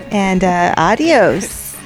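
A woman co-hosting a podcast in casual chat, relaxed and agreeable and laughing along. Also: medium pitch. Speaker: podcast co-host.

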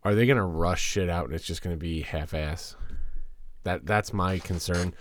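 Laid-back low-voiced podcast man. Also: normal speed, a little hiss or hum. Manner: laid-back, profane, laughing often. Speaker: podcast co-host. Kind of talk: casual chat.

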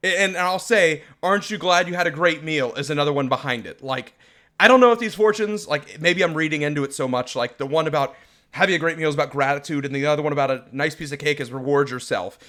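A man co-hosting a casual podcast, ranting in an exasperated, animated way and laughing at himself. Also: fairly high pitch, quick pace. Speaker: podcast co-host.

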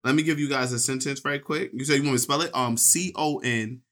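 Bright-voiced easygoing podcast guy. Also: medium pitch. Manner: easygoing, playful, explains slowly. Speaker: podcast co-host. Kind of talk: casual podcast banter.

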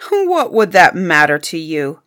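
A woman's voice: lowish voice, sing-song, measured pace, fairly bright tone, voice pushed down. A woman voicing a sad, weary young prince in a storybook, speaking reproachfully.

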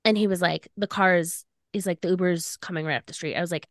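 A woman's voice: lowish voice, fast talker, no echo, studio quality. A young woman co-hosting a podcast, telling a personal story casually, full of "like" and acted-out quotes. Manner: animated, fillers of "like", acts out quoted lines. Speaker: podcast co-host.

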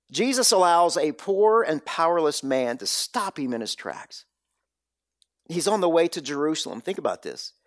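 A man's voice: a little high, very animated, moderate pace, no room sound, studio quality. A man preaching a sermon, dropping into whispers and rising sharply for emphasis. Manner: dramatic, drops to whispers and rises for emphasis. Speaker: pastor.

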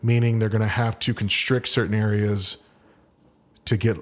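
A man's voice: lowish voice, fairly even intonation, normal speed. A man co-hosting a podcast, telling stories in casual comedic chat and slipping into put-on accents for quotes. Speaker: podcast co-host.

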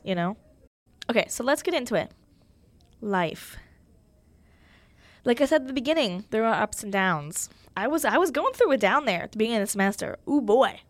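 A young woman hosting her own podcast in a casual, chatty way, full of fillers and self-mocking humor. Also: mid-range voice. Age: young adult. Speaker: podcast host. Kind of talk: casual solo podcast chat.

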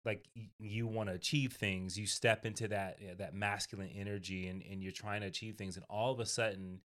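A man talks in casual podcast chat with a fairly low voice. His speech is halting, full of restarts and fillers, as he works through his points. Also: flat delivery, a bit bright. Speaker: podcast co-host.

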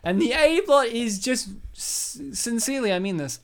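A woman chatting casually on a podcast, retelling a film plot with animated energy and sudden loud outbursts. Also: a little high, moderate pace. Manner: animated storyteller, acts out characters with loud outbursts.

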